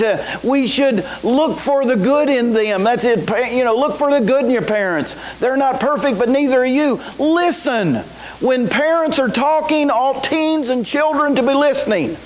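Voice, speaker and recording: A man's voice: very high-pitched, low-quality recording. A man preaching a sermon to a congregation, often asking "is that right?" and waiting for a response. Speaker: pastor. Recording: faint hiss.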